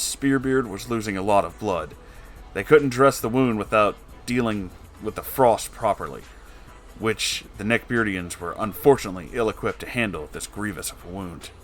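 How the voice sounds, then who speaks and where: Faint music plays behind a man performing a dramatic storybook reading, complete with character voices. He speaks at normal speed in a fairly low voice.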